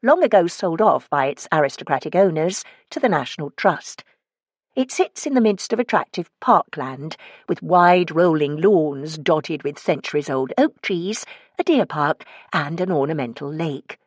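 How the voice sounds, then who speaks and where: Lively, wry woman narrating an audiobook. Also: low voice, moderate pace, no echo.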